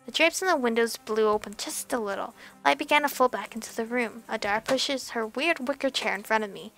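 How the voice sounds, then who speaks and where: A woman's voice: fairly high pitch, a little fast, creaky, few pauses, fairly bright tone, soft background music. A woman hosting a let's play, reading a visual novel aloud with nervous, giggly, swearing reactions.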